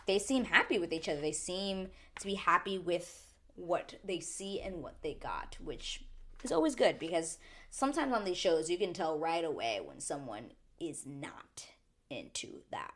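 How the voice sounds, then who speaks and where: A young woman chats through a reality show recap in a lively, animated way, peppering her talk with "like." Her voice sits a little low for a woman, but it swings widely in pitch as she gets excited. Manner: chatty, animated, lots of "like".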